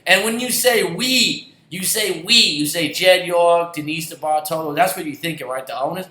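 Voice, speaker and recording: Angry sports fan guy ranting, kinda high voice, sarcastic, swears a lot. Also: moderate pace, sharp tone. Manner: heated, sarcastic, swears, repeats himself. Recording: roomy echoey recording.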